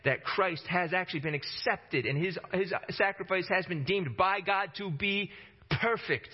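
A man preaching a sermon with passion, climbing to emphatic high peaks and dropping low for stress, often repeating words as he starts a phrase. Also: moderate pace, husky, lo-fi sound.

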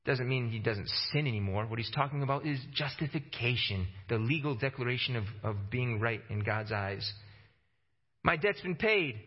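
A male preacher delivering a sermon with fervor, his voice climbing to emphatic peaks before sinking low to press a point home. He often doubles words as he launches a phrase. The recording is slightly muffled and lo-fi, with a mid-range voice. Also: animated, moderate pace, breathy edge. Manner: passionate, rising to emphatic peaks and dropping low for stress; repeats words when starting phrases.

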